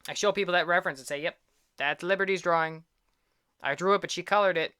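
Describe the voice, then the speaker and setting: A young man hosting an art channel, chatting casually at home and rambling cheerfully about his old drawings, quick to poke fun at himself. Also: high-pitched, sharp tone, clean tone, no room sound, clean studio sound. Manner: rambling, self-deprecating, upbeat. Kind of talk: casual chat.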